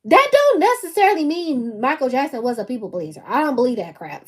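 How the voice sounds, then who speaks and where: A woman's voice: sits high, sing-song, fairly quick, husky. A woman, hosting her own channel and talking casually and emphatically to camera, laughing often. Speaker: channel host.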